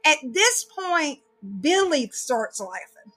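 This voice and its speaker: A woman hosting a casual chat, telling an animated story and laughing through it. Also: sits high, slow pace, soft background music.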